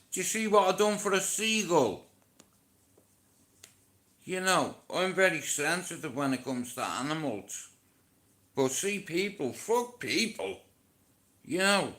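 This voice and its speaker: Irish man, live streaming on his phone at home, bright and sharp-toned voice, crude and sarcastic storyteller who does all the voices. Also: a little high. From Ireland. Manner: animated, profane, sarcastic storyteller acting out both sides. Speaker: livestream host.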